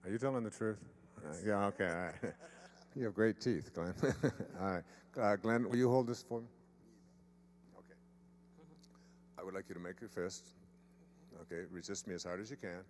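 Low-voiced guy running a seminar demo in front of a crowd, jokey, stretches words out, faint hum. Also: a little mellow. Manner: playful, teasing, drawn-out emphasis. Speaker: seminar speaker. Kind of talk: live seminar talk with a demonstration. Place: seminar room with live audience. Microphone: handheld mic held by a volunteer.

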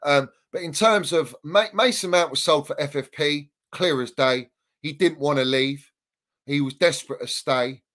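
A man rants heatedly on a podcast, his voice sitting fairly high. He swears freely and repeats his lines for emphasis in loose, casual debate. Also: moderate pace, a bit bright. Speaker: Chelsea fan guest.

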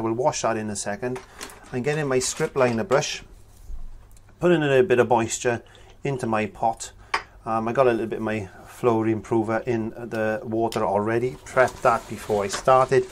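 A painting instructor with a mid-range voice chats casually through his tutorial, thinking out loud with filler words as he works. A little hiss or hum sits under the audio.

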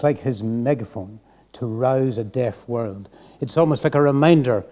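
A mellow-toned man, preaching from the pulpit of a church. He talks in an earnest, reflective, unhurried way. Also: medium pitch. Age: 60s. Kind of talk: sermon.

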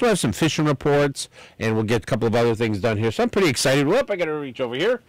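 A man's voice: a little high, wildly swooping pitch, no room sound, rough recording. A male radio host talking about the outdoors in a casual, rambling way, reading out sponsors and a phone number. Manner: chatty, rambling, repeats the phone number slowly. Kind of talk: live outdoors radio talk. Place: radio studio. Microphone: studio microphone.

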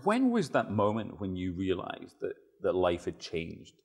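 A man's voice: deep voice, huge pitch swings, a little slow, vocal fry, darkish tone, slightly rough. A man interviewing a guest on a TV show, effusive and complimentary.

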